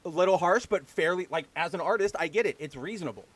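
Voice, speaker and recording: A man's voice: sits high, fast talker. A man hosting a livestreamed show, ranting in a heated, profane way and mocking the people he quotes in exaggerated voices. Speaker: podcast host. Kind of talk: casual ranting livestream talk.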